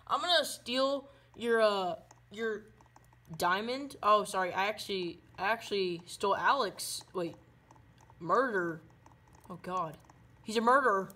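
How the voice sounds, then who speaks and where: A woman doing loud, silly running commentary while playing a game. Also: on the high side, animated, normal speed. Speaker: gaming video creator.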